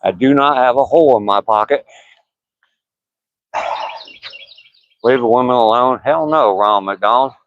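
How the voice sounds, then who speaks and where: A man's voice: medium pitch, measured pace, long pauses, highs cut off, slight background noise. An older man talking casually on a live stream while out walking outdoors, joking and laughing at his own remarks. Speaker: vlogger live streaming a walk.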